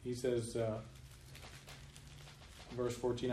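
A male pastor giving a sermon emphatically, slowing down to stress key points and chuckling at his own remarks. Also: mid-range voice, level tone, darkish tone. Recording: roomy room echo, faint noise.

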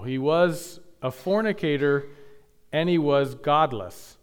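A male pastor preaching a sermon, building to emphatic peaks and dropping to quiet asides. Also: fairly high pitch, slow pace, clear, resonant tone.

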